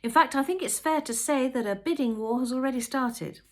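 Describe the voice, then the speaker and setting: A woman's voice: high voice, a little fast, voice pushed up, natural voice. A woman playing an eager young estate agent. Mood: salesy. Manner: polished sales patter.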